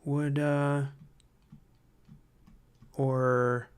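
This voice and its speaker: A man hosting a livestream who reads viewer comments aloud and thinks out loud, hesitant and full of fillers, easily excited by ideas. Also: mid-range voice, extremely slow, smooth. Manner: enthusiastic about ideas. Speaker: livestream host.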